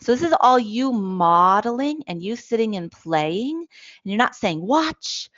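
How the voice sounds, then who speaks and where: A woman presenting on children's play in a lively, demonstrative way, often checking in with her listeners. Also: mid-range voice, measured pace, dry recording. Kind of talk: webinar talk with toy demonstrations. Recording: dull, lo-fi, dry audio.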